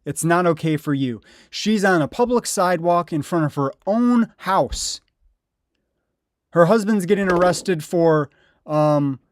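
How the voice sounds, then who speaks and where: A man's voice: on the high side, no room sound, clean studio sound. Sarcastic, indignant man commentating. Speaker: video commentator. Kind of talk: angry commentary over bodycam footage.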